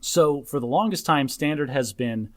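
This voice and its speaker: Wry, teasing man hosting a podcast. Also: on the high side. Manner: wry, teasing, and explanatory, with quick self-deprecating asides. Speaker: podcast host. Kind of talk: casual chat.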